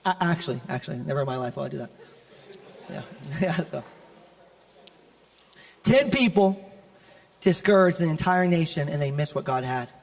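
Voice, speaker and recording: A male pastor preaching an animated, conversational sermon with humor to a church congregation. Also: fairly high pitch, normal speed, creaky, long pauses, in a large hall. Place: large church auditorium.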